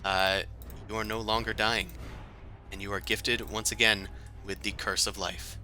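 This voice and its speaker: A man with a low, very bright and forceful voice narrates a tabletop game as game master. He describes the scene at length and pauses often on fillers, with faint music playing behind him. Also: little pitch movement.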